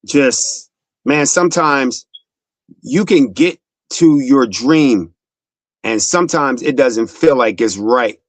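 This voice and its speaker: A man's voice: mid-range voice, no room sound. A young man hosting a sports talk show, delivering a fired-up, profane monologue that speaks straight to the player.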